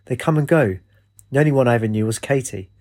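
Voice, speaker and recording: A man's voice: medium pitch, fast talker, a little mellow, natural voice. A man voicing a bleak, withdrawn male recluse in a storybook. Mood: weary.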